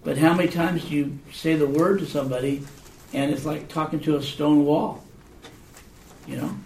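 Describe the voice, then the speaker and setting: A man's voice: a little high, steady tone, normal speed, darkish tone, slight background noise. Man teaching a Bible class. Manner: conversational, checks in with rhetorical questions. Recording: echoey room, mic far off.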